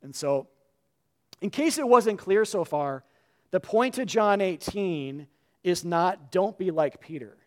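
A man preaching a sermon in a conversational way, with frequent fillers and restarts, his voice dropping low and quiet for asides. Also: big pitch swings, takes it slowly, long pauses. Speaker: pastor.

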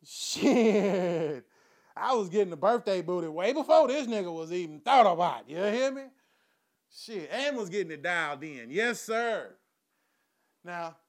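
High-voiced man telling a raunchy comic story. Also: moderate pace. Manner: animated, swings between loud outbursts and low asides, laughs at his own jokes. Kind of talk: profane comic storytelling monologue.

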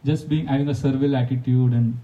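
A man's voice: mid-range voice, quick pace, far from the mic, highs cut off. A man, a monk giving a devotional talk full of anecdotes, often laughing and acting out quotes. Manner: storytelling, animated, laughs often, acts out quotes.

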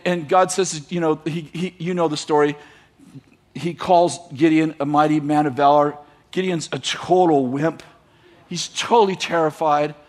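Male preacher, high-pitched, animated storyteller who voices characters. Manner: animated, acts out biblical characters with voices and laughs. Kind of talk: sermon storytelling.

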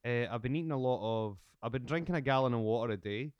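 A man's voice: medium pitch, clear, resonant tone, no room sound, muffled recording. A man hosting a podcast, teasing his guest in casual chat. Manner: jokey, teasing, quick asides. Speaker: podcast host.

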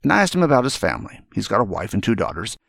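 A man's voice: on the low side, very animated, rapid-fire, creaky, fairly bright tone, no room sound, clean studio sound. Earnest older man telling a story. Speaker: retired general giving a speech. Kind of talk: speech to young students.

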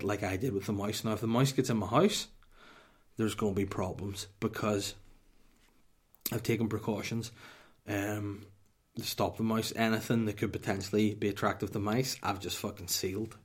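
A man's voice: lowish voice, flat delivery, normal speed, husky. Profane, rambling man. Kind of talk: comic storytelling.

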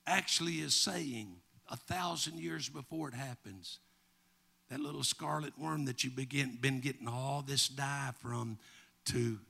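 A man's voice: mid-range voice, gravelly, pushed and bright. A male pastor with a Southern American accent, preaching a sermon and reading scripture with a rising preacher's cadence. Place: church.

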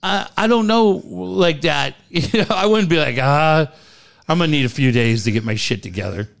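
A man's voice: fairly high pitch, moderate pace, creaky. A man in his forties telling a long family story in casual chat, laughing often and repeating "I go".

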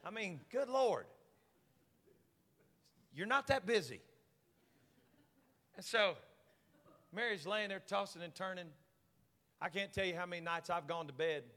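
A man preaching a sermon in a high, bright voice, with a long hall reverb trailing each line. He tells the story with jokes and swings from hushed asides to shouted climaxes. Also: lively intonation, unhurried, long pauses. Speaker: pastor. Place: large church sanctuary.

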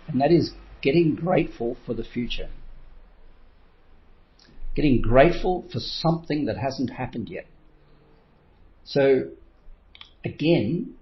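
A middle-aged man coaching in a motivational talk, telling stories and acting out his own inner voice with frequent chuckles. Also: mid-range voice. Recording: slightly dull lo-fi recording.

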